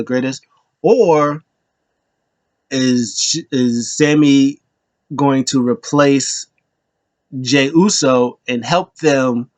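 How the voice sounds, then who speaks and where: A man's voice: mid-range voice, no room sound, muffled recording. A man casually recapping wrestling events in a rambling, amused way, often laughing as he retells them. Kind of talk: casual chat.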